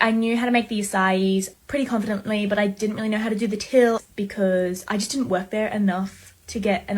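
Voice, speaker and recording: Chatty young woman telling a story. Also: medium pitch. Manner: chatty, animated retelling. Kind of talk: casual storytelling.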